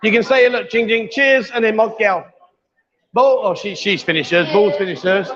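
Broadcasting live from a crowded bar with a pool table, this host speaks in a high voice at a normal speed, keeping up casual, teasing banter and calling everyone darling. Bar crowd chatter fills the background of the dull, lo-fi livestream audio.

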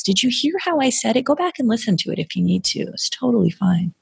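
A woman giving an energetic, emphatic sales coaching talk on a podcast, acting out sample lines she would say to clients. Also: on the high side, fast talker, gravelly, few pauses, husky, no echo, clean studio sound.

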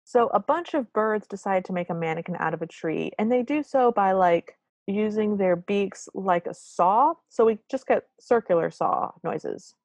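A woman's voice: mid-range voice, animated, normal speed, hardly any pauses, darkish tone, no echo. A woman co-hosting a podcast, recapping a cartoon in a wry, apologetic, casual way. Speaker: podcast co-host.

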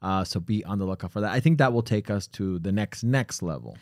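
A man's voice: fairly low pitch, a little fast, a little mellow, dry recording, clean studio sound. A man co-hosting a casual podcast, easygoing and encouraging. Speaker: podcast co-host. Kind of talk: casual chat.

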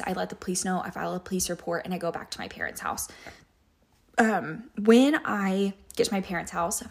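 A woman in her late twenties, a podcast host, candidly telling a personal story in a monologue full of "like" fillers. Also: lowish voice. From Kansas. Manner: candid, emotional, many "like" fillers. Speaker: podcast host and business owner.

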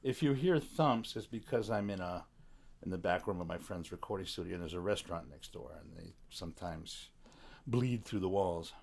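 A man's voice: deep voice, expressive, normal speed, vocal fry, darkish tone. A middle-aged man in casual conversation, reflective and blunt, swearing now and then, speaking from the back room of a recording studio. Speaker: guest.

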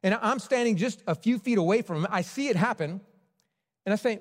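A man preaching a sermon in a church, telling a personal story earnestly and dropping to a near hush at tender points. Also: sits high, lively intonation, brisk. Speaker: pastor. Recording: long church hall reverb.

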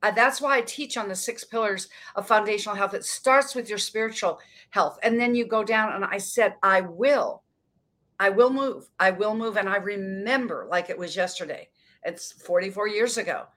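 Woman in her 60s, bright, earnest, emphatic storyteller. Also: medium pitch. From Montana, US. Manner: emphatic, earnest, dramatic pauses. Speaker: guest, motivational speaker. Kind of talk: casual interview storytelling.

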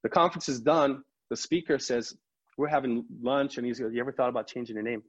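Husky middle-aged pastor telling a story. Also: male voice, medium pitch, fast. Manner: animated storyteller who acts out quoted dialogue. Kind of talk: storytelling in a podcast interview. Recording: slightly muffled lo-fi recording.

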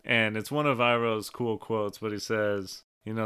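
A man's voice: on the low side, flat delivery, moderate pace, sharp tone, smooth. A man co-hosting a podcast, casually recapping episodes, swearing and quoting lines. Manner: retells scenes with quoted lines. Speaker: podcast co-host.

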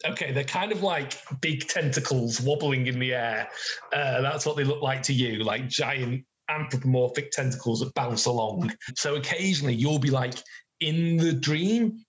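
A man narrates as game master of a tabletop role-playing game. His voice sits in an ordinary middle pitch, and he paints scenes in loose, lively detail, peppered with casual fillers. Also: moderate pace, low-quality recording.

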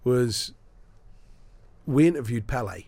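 Man telling lively sports anecdotes. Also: medium pitch, takes it slowly, gravelly, no room sound. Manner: lively storyteller, acts out the people he quotes. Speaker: sports broadcaster. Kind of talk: anecdotal storytelling in a podcast interview.

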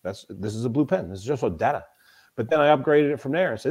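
An emphatic man at a middle pitch, speaking as a guest in a relaxed podcast interview. He tells stories with plenty of emphasis and often circles back to repeat a point. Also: quick pace, husky. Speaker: podcast guest, mental toughness coach. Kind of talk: conversational interview.

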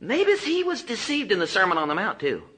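An impassioned man preaching a sermon in a church. His voice sits high and sounds sharp and bright. It leaps between loud cries and hushed low lines. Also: wildly swooping pitch, a little fast, low-quality recording.

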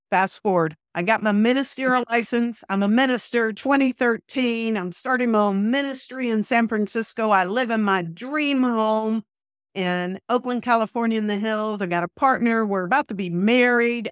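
On a podcast, a woman minister shares a personal story with animated earnestness, performing the dialogue she quotes. Her voice is a little high and her pace moderate, captured in clean, echo-free studio sound.

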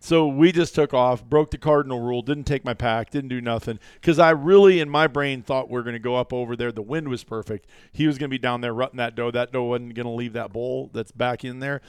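A man's voice: medium pitch, brisk, few pauses, clear, resonant tone, dry recording, studio quality. A man co-hosting a casual hunting podcast, telling stories and acting out what people said. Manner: animated storyteller acting out quotes. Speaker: podcast co-host.

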